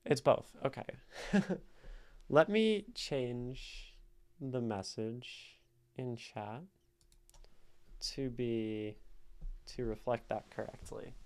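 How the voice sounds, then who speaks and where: A man streams from home, reading poems aloud at an unhurried pace. He stops to break down the rhythm, sounding out the stressed and unstressed beats, in a voice of middling pitch. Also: a little mellow. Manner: recites poems, then explains meter and taps out stress beats. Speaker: streamer reading and critiquing chat poetry. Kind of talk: slow, thoughtful poetry reading and analysis.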